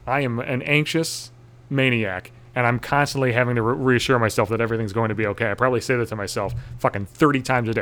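A man's voice: mid-range voice, steady tone, fast, fairly bright tone. A man talks through a loose comedic monologue in a mid-range voice, cursing constantly. He rambles anxiously and mocks himself, often tripping over and restarting his sentences. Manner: profane, self-deprecating, anxious rambling with restarts.

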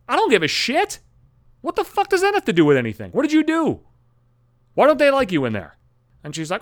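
A man's voice: sits high, wildly swooping pitch, fast talker, a bit bright, no echo, studio quality. A man in a profane, exasperated comedic monologue rant, swearing constantly. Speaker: comedic ranter.

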